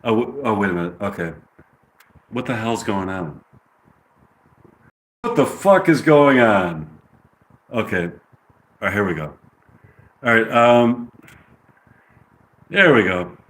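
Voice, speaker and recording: A man's voice: lowish voice, measured pace, long pauses, fairly bright tone. A man reading through a script he wrote, rambling and interrupting himself, with many fillers. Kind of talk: amateur script read-through.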